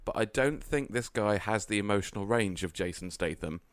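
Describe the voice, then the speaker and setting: A man's voice: lowish voice, normal speed, smooth, no echo. A man co-hosting a podcast, reviewing films in casual chat with wry, rambling tangents, recorded in a studio. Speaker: podcast co-host.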